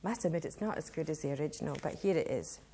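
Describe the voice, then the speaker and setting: A woman's voice: deep voice, animated, quick pace, mellow, breathy edge. A middle-aged woman with a Scottish accent, giving a chatty, enthusiastic public talk to an audience at a language workshop.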